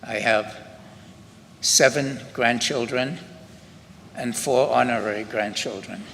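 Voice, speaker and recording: Slow-speaking older Scottish man. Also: medium pitch, gravelly, fairly bright tone. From Scotland. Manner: unhurried, halting, with frequent restarts. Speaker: Holocaust survivor speaker. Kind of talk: personal testimony at a memorial ceremony. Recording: long hall reverb with faint ambient noise.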